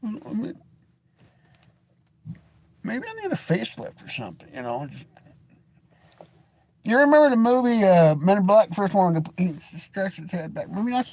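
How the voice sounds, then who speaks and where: This American man in his forties vlogs from a seat in front of a webcam or phone camera, rambling, joking and blunt. His high, sing-song voice has vocal fry and a darkish tone, moves at a moderate pace with frequent pauses, and carries slight background noise.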